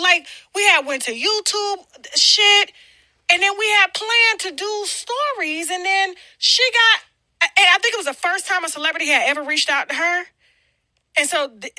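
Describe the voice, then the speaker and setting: A woman's voice: very high voice, bright, forceful tone, no echo. A woman blogger and channel host, ranting bluntly and profanely to her viewers, acting out what others said to her. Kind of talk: casual profane rant to camera.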